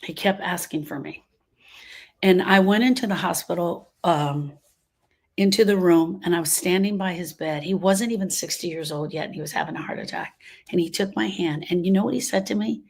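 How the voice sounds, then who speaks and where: Her voice is lowish and moderately paced. This Louisiana woman in her 60s hosts a grief podcast, sharing her story with listeners in an earnest, heartfelt way and repeating phrases to stress them.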